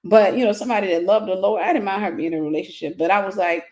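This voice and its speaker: A woman's voice: medium pitch, racing, a little mellow. A woman minister in her forties telling a personal story in a casual livestream sermon, greeting viewers by name.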